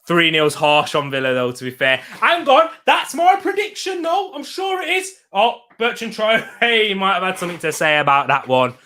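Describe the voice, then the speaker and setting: A man's voice: high voice, wildly swooping pitch, moderate pace, few pauses, pushed and bright. A young man hosting a live football watch-along from a home setup, chatting upbeat with his viewers and laughing often.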